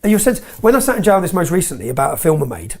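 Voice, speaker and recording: Rapid-fire and husky with big pitch swings, a fairly high-voiced man from England tells stories with emphasis as an interview guest. The exchange is heated, and he often tags his points with "yeah?".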